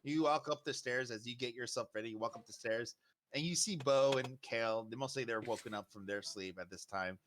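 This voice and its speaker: Rambling male game master, bright voice. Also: medium pitch, a little fast, slight background noise. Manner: rambling, repeats himself. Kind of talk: narrating a tabletop game.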